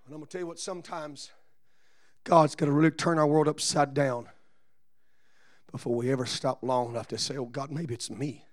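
A man preaching a Pentecostal sermon as pastor, moving from quiet, low-key musing to shouted, rhythmic exhortation punctuated with "uh.". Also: level tone, brisk, long pauses.

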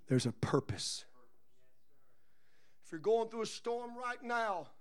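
A man preaching a Pentecostal sermon as pastor, moving from quiet, low-key musing to shouted, rhythmic exhortation punctuated with "uh.".

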